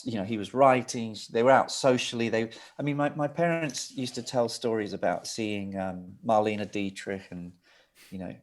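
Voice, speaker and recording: A man's voice: on the low side, a little mellow. Rambling middle-aged man telling stories. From England. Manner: rambling, anecdotal, frequent restarts. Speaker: guest, record producer. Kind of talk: casual interview storytelling.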